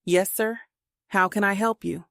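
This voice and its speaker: A courteous, cheerful male chauffeur in a storybook thriller, read out by a woman. His voice is slightly gravelly and close to the mic. The room gives it no echo. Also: mid-range voice, steady tone, a little slow, a bit bright. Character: polite male limo driver from Boston.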